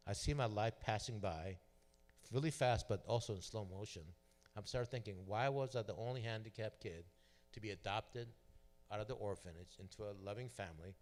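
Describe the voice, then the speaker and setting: A man's voice: on the low side, a little fast, a little mellow. A middle-aged man sharing a personal testimony at church, telling his story and acting out the dialogue. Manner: storytelling, acts out quoted dialogue. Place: church sanctuary. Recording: long hall reverb.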